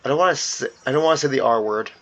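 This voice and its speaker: A man's voice: mid-range voice, racing, fairly bright tone. A man reading a visual novel aloud with playful commentary, often laughing at himself.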